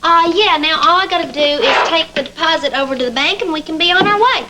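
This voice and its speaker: A teasing, warm-hearted woman with a high voice. Hiss and noise sit on this old TV soap recording. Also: fast talker. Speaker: office worker closing up. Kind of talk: 1980s TV soap acting.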